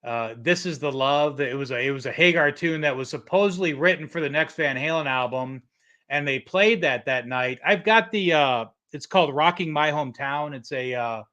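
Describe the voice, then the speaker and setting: A man's voice: a little high, normal speed, sharp tone, lo-fi sound. A middle-aged man from Michigan hosting a casual livestream, rambling through stories and reading chat comments aloud. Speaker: livestream host.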